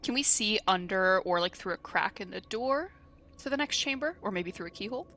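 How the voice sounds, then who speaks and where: A woman playing in a tabletop game, asking curious, quick questions. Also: medium pitch, expressive, bright, forceful tone. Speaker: player. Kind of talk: casual tabletop play.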